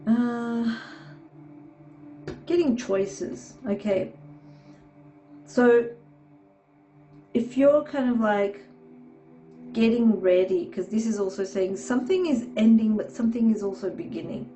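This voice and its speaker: Stuffy-nosed woman giving a slow tarot reading. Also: on the high side, warm tone, soft background music, poor audio. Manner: meandering, reassuring, frequent "okay". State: nasal from a cold. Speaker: tarot reader. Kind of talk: casual tarot reading to camera.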